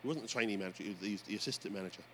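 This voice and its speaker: Animated preacher man. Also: fairly low pitch, very fast. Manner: animated storytelling preacher, often addressing "folks". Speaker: pastor. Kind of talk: sermon. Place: church. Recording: faint background noise.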